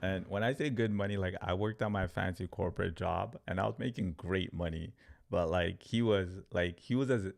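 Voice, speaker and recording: A man teaching crypto trading on a livestream, talking in an animated, story-driven way with lots of fillers. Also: low-pitched, moderate pace, vocal fry. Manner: animated storyteller, acts out quotes, filler-heavy "like". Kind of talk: livestream talk to viewers.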